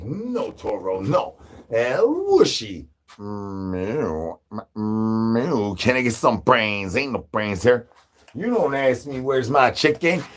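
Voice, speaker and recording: Male streamer, low voice, rambling rhyming nonsense, zombie bit, begging for brains. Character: brain-hungry zombie persona. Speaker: livestream host. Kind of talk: absurd comedic livestream rant.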